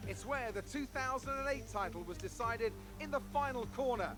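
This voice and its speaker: A man's voice: very high voice, expressive, brisk. A man voicing an upbeat race commentator in polished, scripted broadcast-style sports commentary. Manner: grand, announcer-style delivery. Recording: game audio with music. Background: game music.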